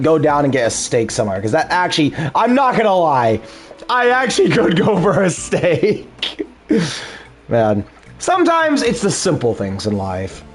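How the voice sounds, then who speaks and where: A chatty male streamer rambles through his game session, his fairly high voice swinging widely in pitch. Faint game music plays behind him. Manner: chatty, rambling, easily sidetracked. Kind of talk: casual gameplay commentary.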